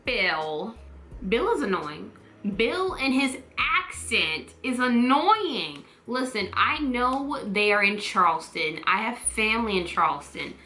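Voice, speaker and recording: Lively, bright-voiced woman vlogger. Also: a little high, slow, echoey room. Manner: animated, acts out quotes in playful voices. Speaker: vlogger reviewing a TV series. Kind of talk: casual chatty review.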